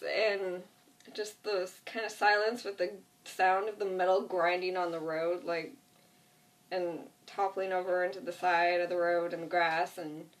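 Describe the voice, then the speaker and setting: A woman casually retells a TV episode, rambling and full of fillers and asides. Her voice sits at a middle pitch. She sounds a little distant, as if set back from the microphone. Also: a bit bright. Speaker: vlogger. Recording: voice distant from the mic.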